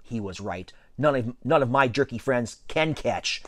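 A man reading a children's book aloud as first-person narration, in an expressive storytelling manner. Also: medium pitch, moderate pace, hardly any pauses, no echo, studio quality. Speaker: audiobook reader.

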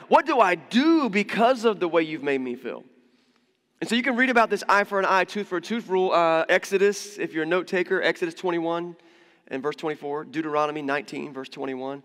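A man preaching a sermon as pastor in a church, conversational and animated, acting out quoted voices. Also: a little high. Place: church hall. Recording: long church reverb.

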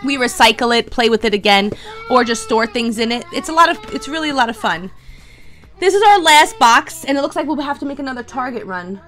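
A woman hosting a toy unboxing video, chatty and excitable, talking straight to her viewers. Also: a little high, brisk, soft background music. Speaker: toy unboxing channel host. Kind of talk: casual unboxing chat.

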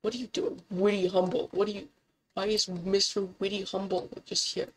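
An excitable woman narrates her gameplay in a loose, casual way, cursing freely. Her voice sits at an ordinary middle pitch but often jumps upward when she is caught off guard. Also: normal speed, slight background noise, low-quality recording. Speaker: gameplay commentator.

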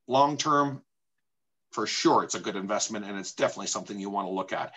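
A man's voice: fairly low pitch, fast talker, bright, forceful tone, poor audio. Emphatic middle-aged man giving investment advice. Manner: opinionated, emphatic, uses rhetorical questions and repetition. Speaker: real estate agent presenting a homebuying webinar. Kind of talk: presentation talk.

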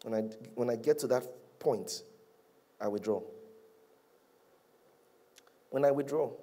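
A male pastor preaching a sermon, animated, rising to loud peaks and dropping to hushed, drawn-out lines. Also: mid-range voice.

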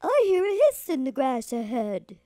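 A big, hungry, gullible monster from a picture book rumbles its lines slowly and loudly, with a woman doing the voice. It sounds greedy and easily impressed. The voice stays lower and heavier than her narration. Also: big pitch swings, no echo, clean studio sound. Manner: booming, slow and greedy. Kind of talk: storybook character voice.

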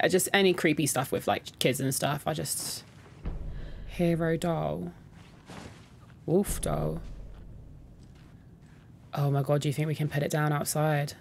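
A woman's voice: deep voice, steady tone, unhurried, creaky, long pauses, slight background noise. Chatty woman doing gameplay commentary. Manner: chatty, reactive, reads in-game documents aloud; talks to her viewers directly. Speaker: gaming content creator. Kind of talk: casual let's-play commentary.

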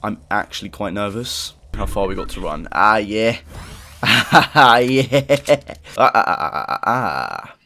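Excitable lad, lively pitch. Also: male voice, slow pace. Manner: excitable, exclaiming and laughing, banter with slang. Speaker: gaming YouTuber. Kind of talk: live gameplay commentary.

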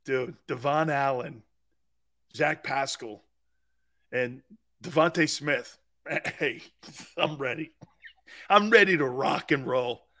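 A man's voice: mid-range voice, slow, pauses often. A man hosting a sports talk show, ranting in a mocking, incredulous way. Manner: mocking and incredulous, breaking into laughter and shouted outbursts.

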